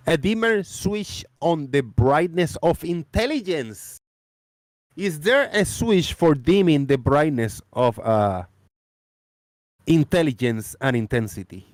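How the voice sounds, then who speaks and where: A man's voice: mid-range voice, sing-song, takes it slowly, a little mellow, dry recording, clean studio sound. A man hosting a live-stream debate chat, rambling and repeating his phrases. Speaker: host.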